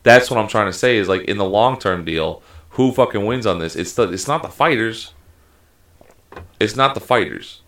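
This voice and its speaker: A man's voice: lowish voice, expressive, normal speed, a bit bright. A man co-hosting a casual sports chat, talking heatedly and emphatically with lots of swearing. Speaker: podcast co-host.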